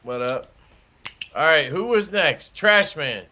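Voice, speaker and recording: A man's voice: on the high side, lively intonation, slow pace, background noise. A man hosting a casual group video-call stream, laid-back and joking as he calls on guests in turn. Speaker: livestream host.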